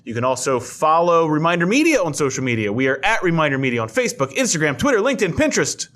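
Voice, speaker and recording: A man's voice: on the high side, very animated, quick pace, a bit bright. A man co-hosting a casual podcast, upbeat and promotional as he wraps up the show. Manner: upbeat, promotional when signing off. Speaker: podcast co-host. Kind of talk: casual podcast chat and sign-off.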